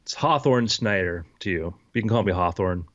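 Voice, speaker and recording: Man voicing a quiet, rambling millionaire with a taste for morbid hypotheticals, muffled dry audio. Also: low-pitched, moderate pace, no room sound, voice pushed down. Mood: offhand. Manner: calm, offhand, rambling. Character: secretive, eccentric rich man with dark hypotheticals.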